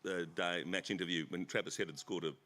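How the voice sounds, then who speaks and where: A man's voice: sits low, fairly even intonation, fast, pushed and bright. An Australian author telling rambling, self-deprecating stories on a festival stage, often laughing at his own jokes. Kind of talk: rambling anecdotal stage conversation. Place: festival stage before an audience.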